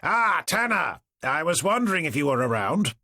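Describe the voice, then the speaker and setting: A man voicing a blustering, jovial police superintendent with a booming, ingratiating manner, in an audiobook reading. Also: big pitch swings, a little fast, fairly bright tone, no room sound, studio quality. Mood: hearty.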